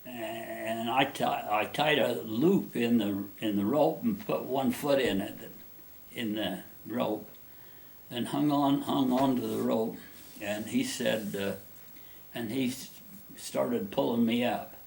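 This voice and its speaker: A man's voice: medium pitch, slow, creaky. A man being interviewed, telling a personal story in a rambling, folksy way with many restarts.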